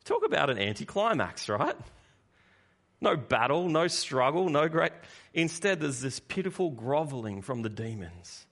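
Animated male preacher giving a sermon. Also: fairly high pitch, measured pace. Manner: animated, swinging between loud emphasis and quiet asides.

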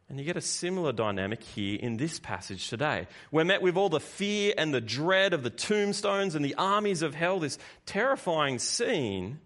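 A man preaching a sermon, animated and conversational, swinging between loud emphasis and quiet asides. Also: a little high, moderate pace.

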